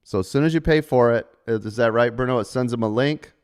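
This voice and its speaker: Smooth-voiced middle-aged male trading coach. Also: mid-range voice, fast talker, darkish tone. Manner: chatty, salesy, jokey with frequent rhetorical "right?". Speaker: trading coach hosting a live stream. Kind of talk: casual live-stream talk to members.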